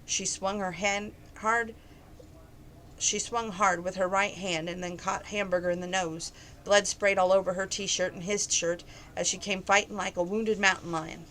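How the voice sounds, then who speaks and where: A woman's voice: medium pitch, fairly bright tone, a little hiss or hum, poor audio. A woman reading a novel aloud, with frequent stumbles and self-corrections. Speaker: reader of a novel.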